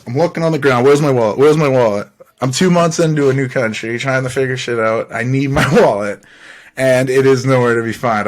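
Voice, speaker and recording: A man with a middle-pitched voice hosts his own podcast. He tells a long personal story in a loose, rambling monologue, swearing freely and slipping in little laughs between phrases. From Canada. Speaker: podcast host.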